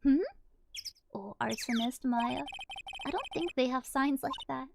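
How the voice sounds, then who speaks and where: A woman's voice: sits high, unhurried, gravelly, background noise. A woman streamer playing a video game, playful and giggly, reading the game's dialogue aloud. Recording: game music playing behind.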